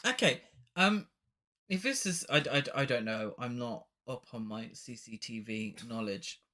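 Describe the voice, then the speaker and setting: Guy on a podcast ranting about a trashy movie, swears a lot, bright sharp voice. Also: medium pitch, animated, unhurried. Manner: sweary, exasperated ranting with laughs. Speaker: podcast co-host. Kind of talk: casual film review chat.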